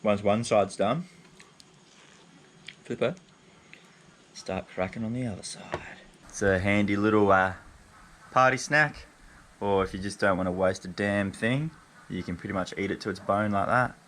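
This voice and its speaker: An easygoing man with a somewhat low voice walks viewers through grilling fish at an outdoor barbecue. He talks in a casual, brash way with a bit of mild swearing, like a vlog host showing his mates how it's done. A faint hiss of noise sits under his voice. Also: normal speed, long pauses, fairly bright tone. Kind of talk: casual cooking demonstration.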